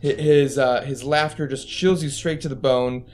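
A man running a tabletop game as games master, narrating in a casual, animated way. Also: mid-range voice, moderate pace.

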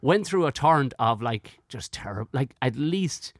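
An Irish man, a comedian, telling a rambling, animated story in casual chat, peppered with "like". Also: mid-range voice, moderate pace, dry recording, studio quality. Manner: rambling, animated anecdote full of "like".

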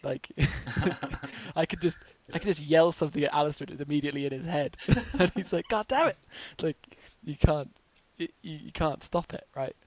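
A man's voice: fairly high pitch, fairly even intonation, fairly quick, dry recording. A man co-hosting a podcast in casual chat, enthusiastic and giggly with lots of fillers. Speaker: podcast co-host.

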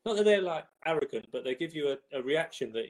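A man's voice: on the high side, lively intonation, quick pace, rough recording. A young man who plays football, talking on a podcast, hesitant with many restarts. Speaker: footballer guest. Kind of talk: casual sports chat.

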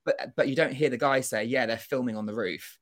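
Young man, animated storyteller, casual swearing, interview guest. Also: mid-range voice, fairly quick. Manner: animated, acts out quoted dialogue, swears casually. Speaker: interview guest, former contestant.

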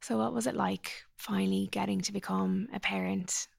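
Lady host, super gravelly husky voice, dry close sound. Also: mid-range voice, fairly even intonation, moderate pace, dry recording. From Ireland. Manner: soft, attentive listener. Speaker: podcast host. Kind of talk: gentle interviewing.

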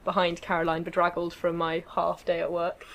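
A young woman from England, co-hosting a podcast in lively, rambling casual chat. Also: on the low side, brisk. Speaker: podcast co-host.

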